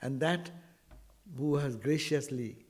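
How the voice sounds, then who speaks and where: A man giving an informal spiritual talk to devotees, animated and full of rhetorical asides. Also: a little high, slow. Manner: animated, rhetorical asides, quotes Sanskrit verses.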